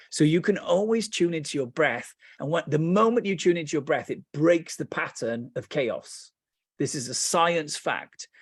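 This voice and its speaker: A man with a British accent teaching meditation, telling lively stories with playful asides, then slowing and softening into calm guidance. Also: medium pitch, no room sound, studio quality.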